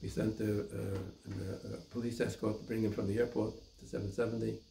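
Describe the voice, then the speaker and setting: An older rabbi recounting personal memories, halting and repeating words as he searches for them. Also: on the low side, level tone, vocal fry, warm tone, roomy sound, a little hiss or hum, poor audio.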